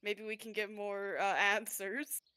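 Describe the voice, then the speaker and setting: Bright, excitable woman player. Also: mid-range voice, unhurried, clean tone. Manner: excitable, chatty. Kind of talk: tabletop game chat.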